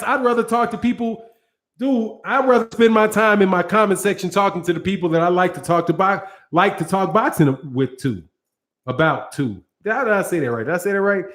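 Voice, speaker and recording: A man's voice: high-pitched, fairly bright tone. An American man hosting a boxing channel, ranting in a casual, profane, slangy way with plenty of rambling and restarts. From United States.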